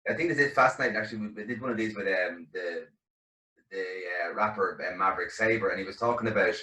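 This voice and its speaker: A man hosting an interview, chatting in a quick, animated way with halting restarts. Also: low-pitched. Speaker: interview host. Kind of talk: casual interview chat. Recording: echoey room.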